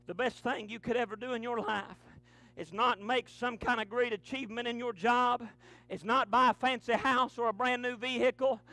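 A man, preaching a fervent sermon to his church, punctuating lines with breathy "uh"s. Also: sits high. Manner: fervent preaching with rising, shouted runs and many "uh" breaths. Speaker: pastor. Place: church sanctuary.

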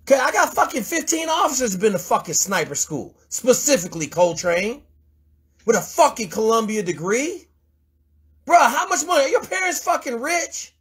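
Host, male, high and raspy, profane tough-love mentor, confrontational delivery. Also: lively intonation, normal speed, fairly bright tone. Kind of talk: blunt profane mentoring rant.

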